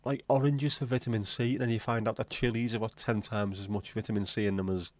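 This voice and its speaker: A man's voice: on the low side, steady tone, quick pace, dry recording. A man hosting a livestream, chatting casually and rambling from one joke to the next as he addresses his viewers. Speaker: livestream host.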